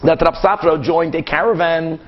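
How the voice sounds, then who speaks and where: High-voiced animated rabbi teaching Talmud. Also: male voice, dull audio. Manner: animated, acts out both sides of cases with quick back-and-forth. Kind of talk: Talmud class lecture.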